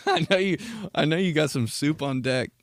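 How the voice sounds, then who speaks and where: A young man with a gravelly, creaky voice talks loosely through his own podcast. He rambles, swears and cracks himself up along the way. The sound is close and dry. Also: fairly high pitch, wildly swooping pitch, unhurried, no room sound. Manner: rambling, laughing, profane storytelling. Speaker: podcast host. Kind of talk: casual solo podcast monologue.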